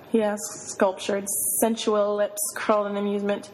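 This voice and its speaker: A woman reading a novel aloud in the first person, giving the inner monologue an expressive, flustered delivery. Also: medium pitch, moderate pace, long reverb tail, slight background noise, poor audio. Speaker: reader.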